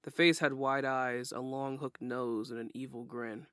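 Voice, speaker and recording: A man narrating a first-person audiobook in a steady, plain storytelling way. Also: medium pitch, measured pace, clean tone, dry recording, studio quality.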